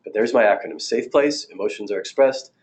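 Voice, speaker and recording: An older man in his sixties leads a recorded training session on marriage therapy. His voice sits a little low, and he talks in a loose, conversational way, telling case stories with plenty of ums and restarts. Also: a little fast, a little mellow. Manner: conversational, anecdotal, with fillers and restarts.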